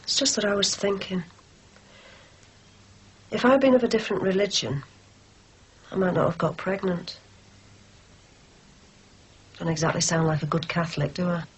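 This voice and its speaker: A woman's voice: lowish voice, normal speed, pauses often, slight background noise, lightly acted. An actress playing a troubled middle-aged Catholic mother, anxious and searching. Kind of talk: 1980s TV soap acting.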